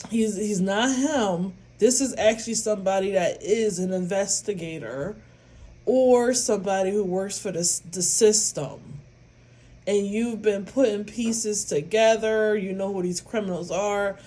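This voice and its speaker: A woman's voice: medium pitch, a little mellow. A woman vlogger talking to her followers in a casual monologue, rambling and repeating herself with emphasis. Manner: rambling, repetitive and emphatic, with bursts of laughter.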